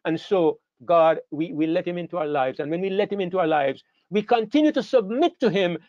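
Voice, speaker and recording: Emphatic high-voiced male preacher. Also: brisk, a little mellow, no echo. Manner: emphatic, repetitive questioning. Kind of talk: sermon lecture. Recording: dull lo-fi sound, dry.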